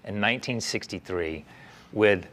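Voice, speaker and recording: A man hosting an interview, asking eager, rambling questions and often answering with a quick "yeah.". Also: lowish voice, a bit bright, slight background noise. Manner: eager, filler-heavy questions with frequent "yeah" backchannels. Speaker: interview host. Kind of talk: casual interview chat.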